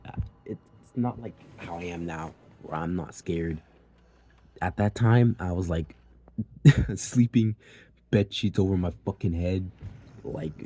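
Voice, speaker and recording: A man's voice: sits low, mellow, slight background noise. A young man telling a personal story in a loose, casual way, swearing freely and filling gaps with "like" and "you know.". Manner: loose and profane, with many fillers.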